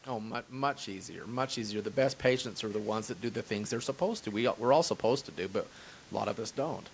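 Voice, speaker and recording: Chiropractor guy being interviewed, low gravelly voice, hesitant, bit of hiss on the line. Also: brisk. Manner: hesitant, lots of fillers and restarts. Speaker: chiropractor guest. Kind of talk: casual interview answers.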